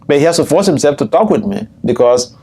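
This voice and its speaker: An older man, a swami, teaching a scripture class, telling stories with frequent chuckles and jumping high in pitch when quoting people. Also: very animated, fast talker, creaky, dark tone, breathy edge. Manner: storytelling, chuckles often, jumps high in pitch for quoted speech. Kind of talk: scripture class with personal anecdotes. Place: temple room.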